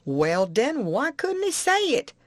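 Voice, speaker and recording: A woman's voice: on the high side, very animated, slow, no echo, voice pushed up, heavily acted. A woman voicing a stubborn grown man who has run from slavery, with a Southern accent and broad rural dialect, in an audiobook. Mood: indignant. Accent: American Southern. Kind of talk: audiobook character reading.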